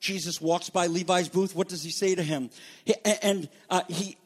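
A male pastor with a high-pitched voice delivers an emphatic sermon, rising to loud declarations and dropping to quiet asides. His words ring out with the long reverb of a large church hall. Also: fairly even intonation, normal speed, husky.

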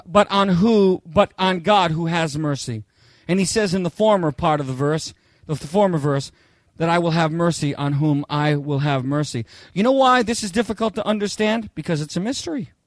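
A man preaching a sermon, emphatic, quizzing the congregation and swinging between loud proclaiming and quick asides. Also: sits high, no echo.

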